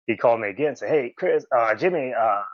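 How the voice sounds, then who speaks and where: A man tells stories as a guest in a casual podcast interview. He talks in an animated way, jumps up in pitch to act out other people's lines and laughs often. The sound is dry and close, with slightly dull, muffled audio. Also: racing, no room sound. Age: 40s. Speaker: podcast guest, former wrestler.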